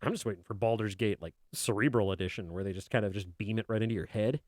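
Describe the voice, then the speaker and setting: Speaking fast in a lowish, somewhat mellow voice, a man streams his art from a desk indoors. He rambles and jokes in his own voice while playing the part of a kobold, and the sound is clean studio audio without echo.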